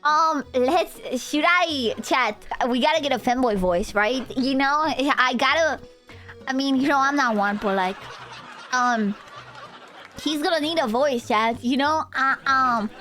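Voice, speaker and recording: A woman's voice: high-pitched, a little slow, a bit bright, faint music behind. A young woman live streamer chatting casually with her viewers, rambling and giggly. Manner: rambling, giggly, talks to chat.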